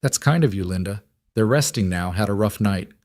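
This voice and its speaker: A man voicing a protective single father who speaks calmly and firmly. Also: lowish voice, fairly quick, dry recording, studio quality, natural voice. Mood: steady. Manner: calm, firm.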